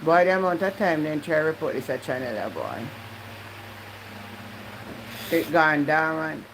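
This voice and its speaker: A woman's voice: low-pitched, lively intonation, unhurried, a little hiss or hum, low-quality recording. A woman with a Jamaican accent hosting a live stream, slipping into patois and talking straight to her viewers. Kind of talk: casual live-stream chat.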